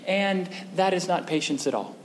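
Speaking at a moderate pace in a high-sitting voice, a male pastor keeps his sermon conversational and often asks his listeners questions. The hall is echoey, and faint noise can be heard.

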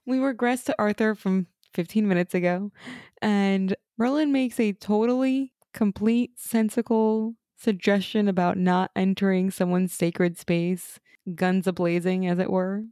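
A woman co-hosts a podcast, chatting casually through an episode recap and putting on mocking voices for characters' quoted lines, all in an animated way. Her voice sits in the mid range and moves a little slowly. The studio recording is clean, with no room sound.

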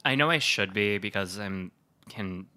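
A man co-hosting a casual podcast, chatty and quick to rant, then apologize for it. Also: lowish voice, sharp tone, clean tone. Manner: chatty, ranting, self-deprecating. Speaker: podcast co-host. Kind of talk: casual chat.

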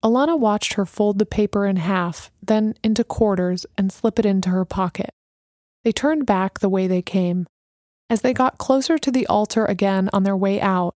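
Warm-voiced woman reading a story. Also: mid-range voice, no room sound, clean studio sound. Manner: steady, measured reading. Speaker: narrator. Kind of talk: scripted audiobook narration.

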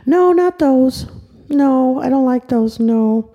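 An excited little girl, eager and chirpy, squeals in high bursts, as an older woman puts her on while reading. The voice leaps wildly in pitch with a mellow warmth underneath. It is a storybook voice. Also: slow, in a large hall, dull audio, exaggerated voice. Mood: choosy.

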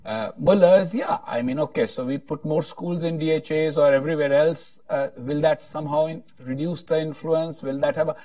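Halting male panel moderator, distant mic. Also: on the high side, warm tone, no room sound. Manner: halting, many restarts, tells a joke with voices.

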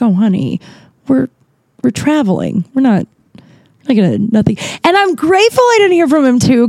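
A woman's voice: mid-range voice, mellow, dry recording, studio quality. A young woman hosting a casual solo podcast, talking candidly and rambling with lots of fillers and restarts. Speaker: podcast host.

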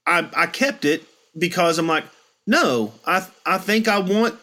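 A man's voice: sits high, lively intonation, a little slow, sharp tone. A middle-aged man in casual chat, reflectively telling stories and acting out quotes. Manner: reflective, storytelling with acted-out quotes. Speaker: podcast host.

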